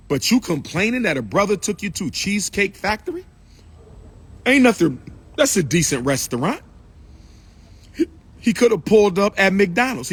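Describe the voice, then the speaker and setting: A man's voice: sits high, a bit bright, husky. A man giving an impassioned live address outdoors beside a school building, repeating his points in a preaching cadence and drawing out his lists. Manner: emphatic, repetitive preaching cadence with slowed, drawn-out lists. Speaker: public speaker addressing a live audience.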